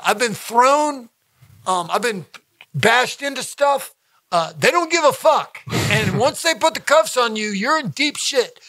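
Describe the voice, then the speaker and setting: A man's voice: extremely high pitch, sharp tone, no room sound. A man who is a stand-up comedian talking as a podcast guest, blunt and profane, repeating himself for emphasis and laughing mid-sentence. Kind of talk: casual podcast conversation.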